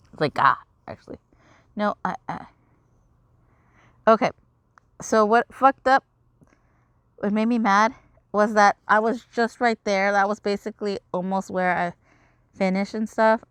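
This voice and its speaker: A woman's voice: mid-range voice, clear, resonant tone, dry recording, rough recording. A woman giving casual gameplay commentary, rambling and swearing in frustration. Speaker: game streamer.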